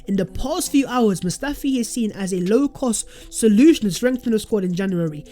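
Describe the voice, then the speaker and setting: Football vlogger doing transfer news, sarcastic, jumpy, pitch flies up when mocking, mid-range voice. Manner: animated and sarcastic, with sudden jumps in pitch and loudness. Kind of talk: fan commentary vlog.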